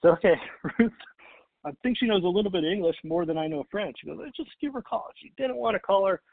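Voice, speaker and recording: Husky man telling a sales story. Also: high voice, fast talker, no room sound. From Texas. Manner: animated, acts out both sides of phone calls. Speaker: network marketing speaker. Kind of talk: motivational storytelling. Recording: tinny phone-like audio.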